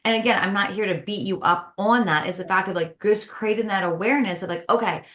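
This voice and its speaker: A woman speaks as a podcast guest, offering conversational advice on stress. She talks with lively energy and slips into acting out little everyday exchanges to make her points. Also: medium pitch, fast talker. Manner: lively, acts out everyday dialogue.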